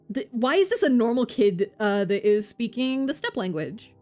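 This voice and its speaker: A woman streamer commenting on a game in a casual, excitable way, exclaiming and swearing. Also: a little high, moderate pace, hardly any pauses, faint music behind. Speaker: vtuber streamer.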